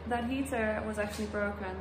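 A woman's voice: mid-range voice, fairly even intonation, brisk, background noise. A young woman vlogging outdoors at a rural property, chatty and laughing often as she calls out to her dog. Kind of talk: casual vlog narration while filming. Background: dogs barking.

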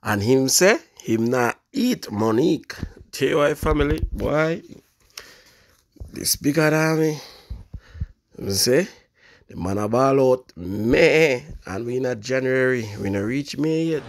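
A man with a Jamaican accent hosting a casual commentary show, bantering lively in Patois. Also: mid-range voice, slow, dry recording, studio quality. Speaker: host.

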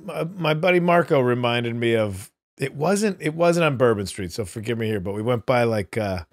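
A middle-aged man co-hosting a comedy podcast, chatting casually in an animated way, dropping into low groaning asides. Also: moderate pace, dry recording. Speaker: podcast co-host, reads the ad.

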